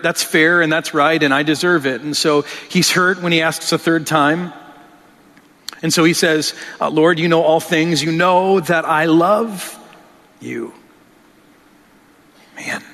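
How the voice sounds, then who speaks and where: A man's voice: on the high side, a bit bright. A male pastor preaching a sermon in an earnest, conversational way, often restarting his phrases. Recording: long reverb of a large hall.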